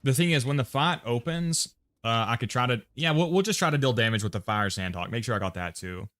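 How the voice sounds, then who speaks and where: A man's voice: medium pitch, expressive, brisk, fairly bright tone. A man with an American accent casually talking to himself and reading chat while setting up a game loadout on a livestream. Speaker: streamer.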